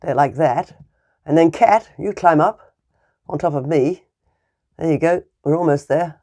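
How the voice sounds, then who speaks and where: A woman voicing a kindly, sturdy donkey who leads the other animals, speaking low and coaxing. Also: unhurried, mellow.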